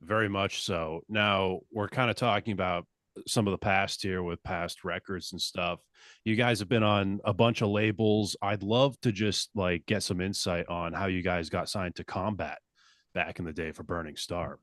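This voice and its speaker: A man hosting a podcast, asking relaxed, conversational questions. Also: deep voice, moderate pace, no room sound, clean studio sound. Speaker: podcast host. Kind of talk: casual interview.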